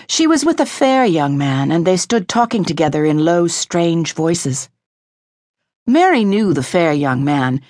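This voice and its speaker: Woman audiobook narrator, low voice, measured and expressive, dry close studio sound. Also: no room sound.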